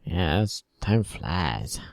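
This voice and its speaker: Podcast co-host guy, jokey, lowish gravelly voice. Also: sing-song, very slow, dry recording, studio quality. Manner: joking, laughs a lot, wisecracks. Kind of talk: casual podcast chat.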